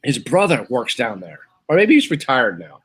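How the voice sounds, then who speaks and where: Chatty, lively male co-host. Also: medium pitch, husky. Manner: eager, chatty, reads news aloud haltingly. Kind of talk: casual chat.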